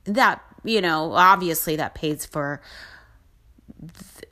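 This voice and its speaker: A woman's voice: sits low, takes it slowly, sharp tone. A middle-aged woman hosting a podcast, telling a personal story in a chatty, rambling, upbeat motivational way. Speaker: podcast host. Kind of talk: casual storytelling monologue.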